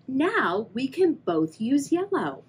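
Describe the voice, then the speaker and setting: A woman voicing an encouraging young boy in a picture book, speaking in a bright, reassuring sing-song way. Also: sits high, big pitch swings, slow, slight background noise, voice pushed up, heavily acted. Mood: upbeat. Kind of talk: read-aloud picture-book voice.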